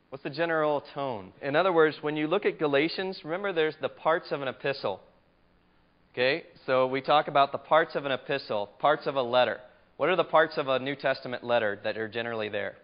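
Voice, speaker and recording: A man teaching a Bible study lecture in a conversational, emphatic way, asking his class questions, on a muffled lo-fi recording. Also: medium pitch.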